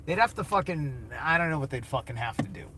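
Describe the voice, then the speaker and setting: A man's voice: fairly high pitch, animated, quick pace, over music. A man streaming a blunt, casual, opinionated monologue, swearing heavily and answering chat.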